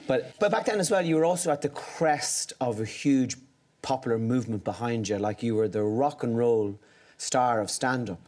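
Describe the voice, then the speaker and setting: A man's voice: mid-range voice, moderate pace, a little mellow. Probing Irish male talk show host. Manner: probing, short prompts and backchannels.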